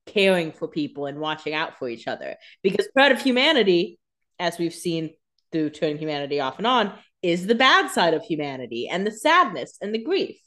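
A woman's voice: lowish voice, a bit bright. A woman co-hosting a casual podcast, making wry, sarcastic comments on a TV episode. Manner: wry, sarcastic asides with frequent laughs. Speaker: podcast co-host. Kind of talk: casual chat.

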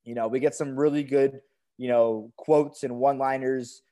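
Man, podcast co-host, casual recap chat, enthusiastic, warm mellow voice. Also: medium pitch. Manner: enthusiastic, relaxed, quick to praise.

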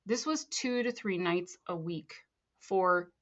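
A young woman, a guest on a talk show, telling her story in a casual, animated way and acting out the voices of people she quotes. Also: fairly low pitch, takes it slowly. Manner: animated, acts out quoted voices, laughs often. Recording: slightly dull lo-fi sound.

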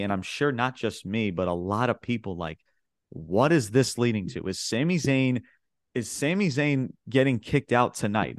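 A podcast co-host with a voice on the low side, recorded dry at studio quality, rambles casually through a wrestling recap. He leans heavily on filler words and acts out what people said.

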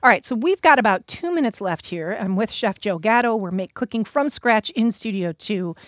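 A woman's voice: medium pitch, expressive, moderate pace, no room sound. A woman hosting a live radio interview in a studio, upbeat and enthusiastic, sometimes talking while tasting food. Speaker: radio host.

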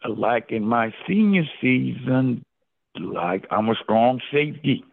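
A man's voice: mid-range voice, lively intonation, takes it slowly, vocal fry. An older man, a former football player, telling his story as an interview guest in an emotional way, repeating his words and exclaiming often. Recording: phone-line call audio.

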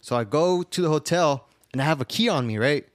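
A man's voice: a little high, lively intonation, brisk, no echo, studio quality. A man telling a rowdy, profane story to a friend, often laughing and acting out what he said back then. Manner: profane, laughing storyteller who acts out his own lines. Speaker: podcast co-host. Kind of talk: casual storytelling chat.

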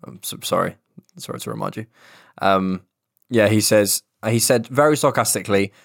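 A young man rambles through casual podcast chat, swearing now and then. His voice sits low. The sound is dry and close, with no room echo. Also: moderate pace, gravelly. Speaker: podcast co-host.

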